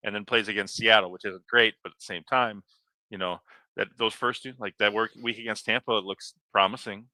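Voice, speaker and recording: Fired up guy with a low voice but a bright edge, ranting on a fantasy show. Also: fairly even intonation, a little fast, no echo. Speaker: fantasy football show co-host. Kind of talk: casual live-stream chat.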